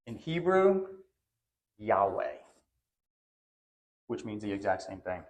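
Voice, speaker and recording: A man's voice: mid-range voice, big pitch swings, takes it slowly, pauses often, sharp tone. A male pastor preaching a sermon in a church, with a conversational but emphatic delivery that leans on repeated phrases. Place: church sanctuary.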